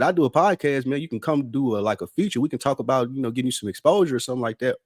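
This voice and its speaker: Lively-voiced man telling a story on a podcast. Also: fast talker, dry recording, clean studio sound. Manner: animated storyteller, jumps high when indignant. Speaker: podcast co-host. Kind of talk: casual chat.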